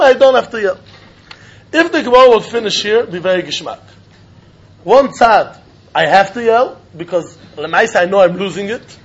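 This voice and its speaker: A man teaching a Talmud lesson in an animated, sing-song way, often laughing. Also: high-pitched, breathy edge. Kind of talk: Talmud study lecture. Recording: dull lo-fi recording.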